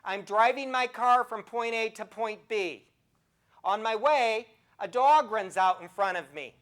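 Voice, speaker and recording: A nursing professor in her sixties gives a health talk, telling stories with animation and putting direct questions to her audience. Her voice is fairly high, and she keeps a measured pace.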